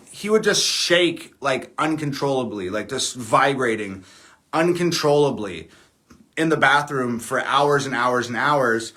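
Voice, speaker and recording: A man's voice: mid-range voice, measured pace, a bit bright. A man chatting casually on a livestream, rambling and candid with frequent fillers and the odd curse word. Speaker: livestream host.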